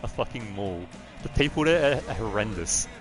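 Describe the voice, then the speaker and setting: With a voice on the low side and lively intonation, an Australian gaming livestreamer speaks at normal speed as music plays in the background. He keeps the gameplay commentary casual, rambling into the occasional rant.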